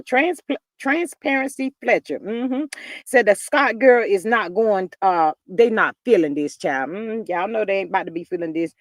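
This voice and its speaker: Reading chat on her gossip livestream through a computer mic, this woman speaks a little high with no echo. Her manner is chatty and drawling, and she addresses every viewer as "child."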